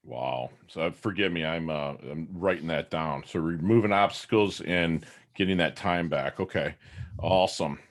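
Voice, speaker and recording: A man's voice: deep voice, moderate pace. A man hosting a podcast interview, asking questions and encouraging his guest with short affirmations. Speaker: podcast host.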